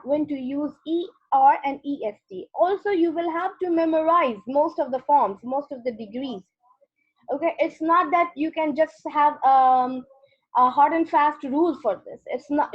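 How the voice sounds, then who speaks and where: A woman with a high voice teaches grammar over an online class, talking her students patiently through each step. Her sound is dull and lo-fi, as from a computer mic on a call. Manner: patient, explains step by step with repeated "okay".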